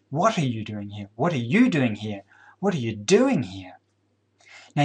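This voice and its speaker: A middle-aged man giving a scripted welcome address to new students as head of the program, earnest and encouraging, stressing key words deliberately. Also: medium pitch, breathy edge.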